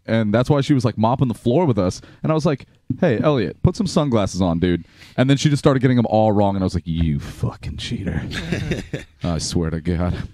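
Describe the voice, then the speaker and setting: A man's voice: medium pitch, dark tone, no echo, clean studio sound. A man guesting on a casual talk show, telling profane anecdotes and laughing through them. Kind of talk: casual chat.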